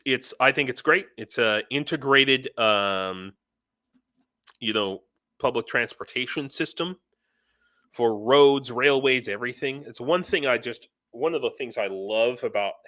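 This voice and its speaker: Rambling bright-voiced male stream host. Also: medium pitch, no echo. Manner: rambling, self-interrupting, reads chat comments aloud. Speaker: livestream host. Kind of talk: casual live-stream chat. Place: home in Ukraine.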